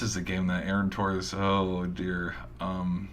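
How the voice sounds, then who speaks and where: A man's voice: deep voice, monotone, slow pace, slight background noise. A man hosting a sports show, rambling through casual game predictions with hype and mild swearing, his voice a little tired. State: tired, voice giving out.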